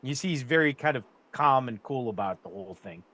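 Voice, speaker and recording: A man's voice: medium pitch, lively intonation, fairly quick, pushed and bright, low-quality recording. A man narrating a tabletop game as game master, talking casually with lots of fillers.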